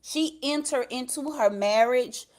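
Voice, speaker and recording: A woman's voice: high voice, measured pace, a little mellow. A woman hosting a casual livestream from her home, talking straight to her chat viewers, laughing and swearing freely into her computer mic. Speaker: livestream commentary host. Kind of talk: casual live commentary to chat. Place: at home, upstairs.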